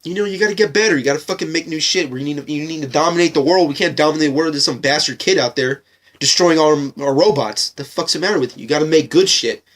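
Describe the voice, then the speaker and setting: A man's voice: on the high side, fast, fairly bright tone. A man doing a brash, angry villain boss.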